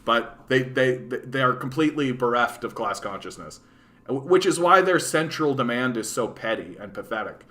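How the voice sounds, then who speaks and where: A man hosts a political livestream and answers his chat. He talks bluntly and swears freely, padding his points with "like" and "right?". His voice is bright and forceful, pitched in a middle range. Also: lively intonation, moderate pace. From Canada. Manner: blunt, profane ranting full of "like" and "right?".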